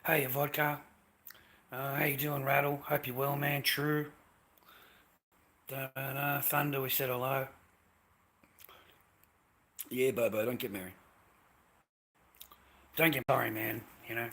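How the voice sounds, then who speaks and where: Australian man, middle-aged, live-stream rant, profane, repetitive, bright tense voice, middling pitch. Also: flat delivery, measured pace, long pauses. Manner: bitter, profane, repeats himself. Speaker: livestreamer. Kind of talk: rambling live-stream monologue.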